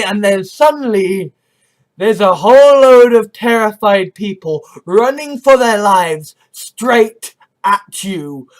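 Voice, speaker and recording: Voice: medium pitch, lively intonation, slow. A speaker with an English accent giving an impassioned spoken rant, swearing freely and checking in with "right?" and "you know?". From England. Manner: heated and profane, often asks "right?" or "you know?".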